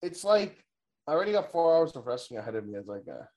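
Rambling, excitable young man recapping wrestling. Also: on the high side, fast talker. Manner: rambling, profane, laughs often, mimics wrestlers. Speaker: podcast co-host. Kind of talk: casual wrestling recap chat.

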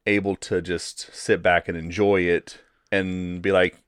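Deep-voiced man reviewing a movie. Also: measured pace, smooth, no room sound, clean studio sound. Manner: relaxed, repeats words while thinking. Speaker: podcast co-host. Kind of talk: casual movie review chat.

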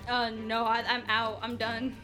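A woman's voice: on the high side, completely flat delivery, unhurried, bright, forceful tone, faint music behind. A woman playing a tabletop game, chatty and hesitant, laughing between questions. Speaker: player.

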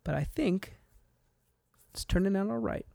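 A man's voice: high-pitched, a little slow, creaky, darkish tone, no echo, clean studio sound. A young man co-hosting a casual podcast, laid-back and hesitant, with lots of fillers. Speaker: podcast co-host. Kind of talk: casual chat.

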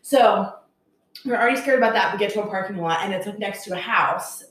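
A young woman tells a story with lively energy and laughs often, leaning on "like" as she goes. Her voice sits at an ordinary middle pitch. It bounces around a strongly echoing room. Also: brisk. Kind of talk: casual chat. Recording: very echoey room.

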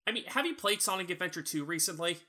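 A man's voice: high voice, lively intonation, fast talker, bright, forceful tone. A young man co-hosting a podcast, chatting casually with a critical, teasing edge. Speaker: podcast co-host. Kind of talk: casual chat.

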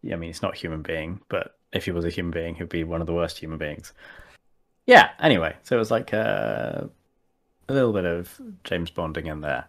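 A man with a very low voice talks casually about tabletop games. He hesitates often, piling up fillers and restarting his sentences as he thinks aloud. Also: expressive, fairly quick, vocal fry, a bit bright. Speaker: podcast guest.

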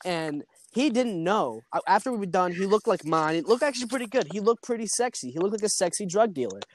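A man's voice: high-pitched, animated, quick pace, no echo. A young man hosting a casual podcast, telling a story in a loose, slangy, rambling way and laughing along. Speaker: podcast host. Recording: noisy home podcast recording.

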